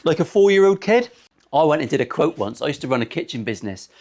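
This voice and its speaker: This man's voice is fairly high, sing-song and darkish in tone, and he talks quickly. He's a luthier in his forties working on a guitar in his workshop, rambling chattily and cracking crude, sweary jokes.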